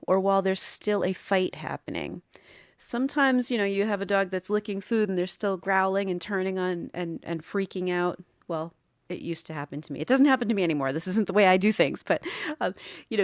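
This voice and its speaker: A woman's voice: medium pitch, no room sound, clean studio sound. A woman, a dog groomer hosting a show and explaining training in a chatty, self-interrupting way. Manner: chatty, self-interrupting, acts out little voices. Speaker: podcast host and dog groomer. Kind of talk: casual teaching talk.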